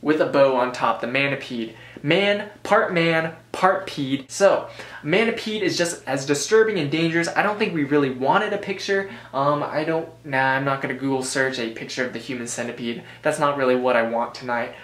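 A man's voice: medium pitch, fairly quick, fairly bright tone. An American man giving a casual review commentary, rambling with joking asides and frequent self-corrections. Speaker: board game reviewer. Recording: roomy echo.

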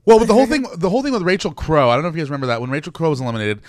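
A young man, a guest, chatting casually and telling stories in an animated way. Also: a little high, racing, dry recording, clean studio sound. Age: young adult. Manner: animated storyteller, laughs often. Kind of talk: casual chat.

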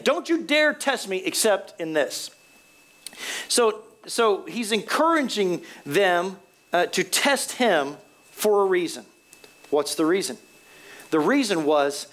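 High-voiced man preaching a sermon. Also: a bit bright. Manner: emphatic, conversational preaching with repetitions. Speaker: pastor.

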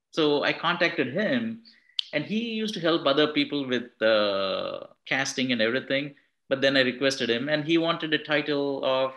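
A man's voice: a little high, fairly bright tone, poor audio. A man, a film director giving a thoughtful interview answer and restarting his phrases as he explains. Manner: thoughtful, repeats words and restarts while explaining.

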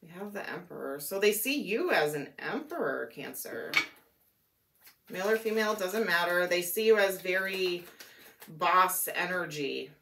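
A woman reading tarot cards aloud, musing and thinking out loud as she goes, her voice a little worn and hoarse. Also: fairly low pitch, lively intonation, measured pace, a little hiss or hum. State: losing her voice. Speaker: tarot reader.

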